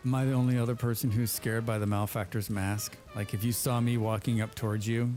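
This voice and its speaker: Over soft background music, a man with a fairly low, slightly mellow voice talks fast in a flat delivery. It's a casual let's play where he rambles playfully with friends and keeps repeating his words.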